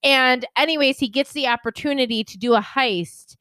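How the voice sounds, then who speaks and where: A woman co-hosting a casual chat, blunt and excitable, with crude jokes. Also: high voice, no room sound. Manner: excitable, quick to gush. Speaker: podcast co-host.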